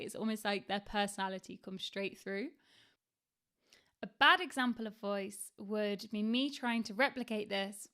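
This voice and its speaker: A woman's voice: medium pitch, fairly bright tone. A woman teaching an online writing lesson in a casual, candid way, dropping in fillers like "like" and "um". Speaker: writing instructor.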